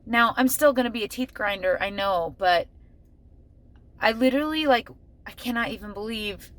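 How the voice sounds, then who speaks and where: A woman's voice: on the high side, moderate pace, a bit bright. Chatty emotional middle-aged woman vlogging. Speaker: family vlogger. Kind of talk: casual vlog talk to camera. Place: in her car, then at home.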